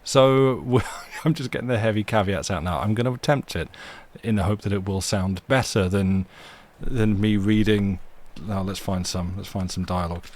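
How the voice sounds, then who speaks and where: At a desk microphone in his home, a young stream host and storyteller chats casually through a live reading session, rambling and self-deprecating. His voice is fairly low and a little mellow, moving at a moderate pace with hardly any pauses.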